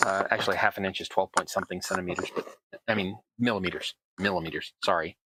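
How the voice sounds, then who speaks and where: A man's voice: low-pitched, steady tone, fast, pushed and bright, slight background noise, low-quality recording. A middle-aged man with a Southern American accent chatting casually through a hobby crafting tutorial, rambling with self-deprecating asides. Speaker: host, terrain crafter.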